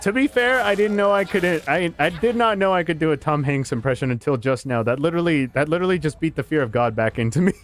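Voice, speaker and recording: A man's voice: a little high, expressive, brisk. A man streaming a game, chatting casually in a rambling, self-mocking way. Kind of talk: casual live game commentary.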